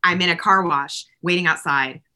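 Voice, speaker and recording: An animated woman in her forties tells stories in easy conversation, laughing as she goes and slipping into the voices of the people she quotes. Her voice sits a little low for a woman but sounds bright and forceful. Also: moderate pace. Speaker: podcast guest. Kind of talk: casual conversational storytelling.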